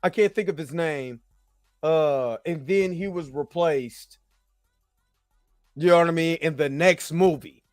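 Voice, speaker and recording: A man's voice: on the high side, unhurried, pauses often, no room sound, studio quality, faint music behind. A man hosting his own show, ranting animatedly about pop culture, repeating himself and swearing. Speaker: show host.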